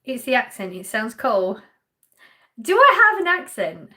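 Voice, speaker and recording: An Essex woman from England, with an Essex English accent, hosts a live stream, casually chatting while she reads out viewer comments and answers them. Her voice sits on the high side with a sharp tone, very animated yet unhurried. She's chatty, laughs lightly, and responds to chat questions directly.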